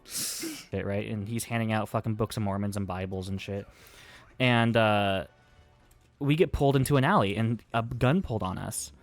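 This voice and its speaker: A man's voice: fairly low pitch, normal speed, dry recording, faint music behind. A young man chatting with a friend while gaming, swearing and laughing as he tells a story. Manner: profane, laughing, lively storyteller. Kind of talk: casual chat while gaming.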